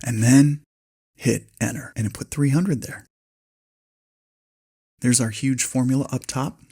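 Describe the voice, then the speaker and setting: A man hosting a spreadsheet tutorial, calmly dictating a long formula step by step. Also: mid-range voice, unhurried, creaky, husky, faint music behind. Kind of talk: screen-recorded software tutorial.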